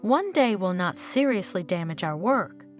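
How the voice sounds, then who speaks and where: A woman reading the lines of a gentle, worried young husband in a story. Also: mid-range voice, sing-song, moderate pace, faint music behind, lightly acted. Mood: pleading.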